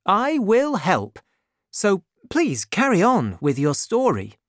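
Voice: medium pitch, wildly swooping pitch, slow pace, no room sound, clean studio sound, pitched above the performer's own voice. A reader voicing a brave young male swordsman in a storybook, with a raised, eager, heroic delivery. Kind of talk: storybook reading.

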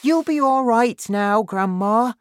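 A woman's voice: on the high side, expressive, slow pace, dry recording, voice pushed up. A woman voicing a kind, eager young boy in a storybook reading, calling out anxiously.

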